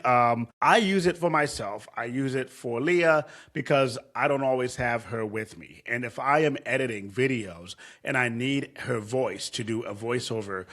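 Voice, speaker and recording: A man in an easygoing tutorial voice, mid-pitched and conversational. He explains steps in a loose, rambling way, often backing up to rephrase. It sounds like a laid-back lesson given while sharing his screen. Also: fairly bright tone. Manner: loose and conversational, with frequent fillers and restarts. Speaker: tutorial host. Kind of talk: casual screen-share tutorial.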